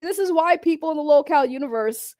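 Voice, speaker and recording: A woman's voice: high voice, fairly quick, mellow, no room sound, clean studio sound. A woman streaming live as host of a drama channel, ranting casually in a blunt, profane, mocking way.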